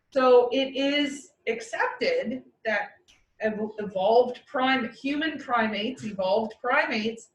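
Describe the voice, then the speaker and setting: A woman chatting casually and explaining animal behavior, acting out the animals' thoughts in lively asides. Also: a little high, slow pace. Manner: lively, acts out animals' inner voices. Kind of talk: casual chat. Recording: roomy echo, far from the mic, faint background noise.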